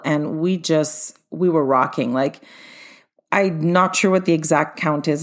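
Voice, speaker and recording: Casting: middle-aged woman, dance studio owner, upbeat and chatty storyteller with a slightly low voice. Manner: upbeat, chatty, addresses listeners directly. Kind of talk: personal storytelling monologue.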